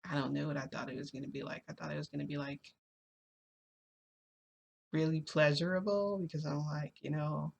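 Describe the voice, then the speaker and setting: A woman's voice: deep voice, steady tone, brisk, creaky, long pauses, breathy edge, lo-fi sound. A woman vlogger telling a personal story in casual chat, rambling with lots of fillers and restarts.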